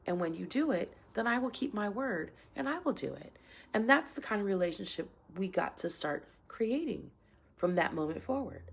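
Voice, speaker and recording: Gravelly low-voiced woman giving parenting advice. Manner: earnest and plainspoken, with many "right?" check-ins. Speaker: parenting coach. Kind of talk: casual advice talk to camera.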